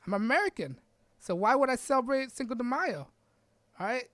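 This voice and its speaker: A woman's voice: fairly high pitch, lively intonation, a little fast, a bit bright, no room sound. A woman hosting a podcast, giving an emphatic opinion monologue full of repeated rhetorical questions and tag checks. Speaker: podcast host.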